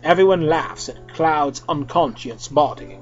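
A man's voice: fairly high pitch, unhurried. A young man reading a fan-fiction story aloud, dramatic and playful, switching between character voices. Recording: dull lo-fi recording with faint music.

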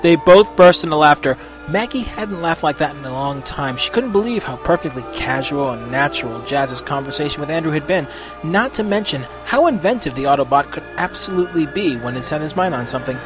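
A man narrating a story in an expressive reading. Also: fairly high pitch, fairly quick, music in the background. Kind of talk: storybook reading of fan fiction.

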